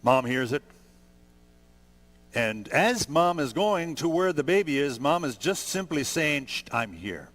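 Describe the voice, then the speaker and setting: A man in his sixties preaching a sermon, conversational and gentle, building to emphatic peaks. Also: a little high, animated, measured pace, long pauses. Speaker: pastor.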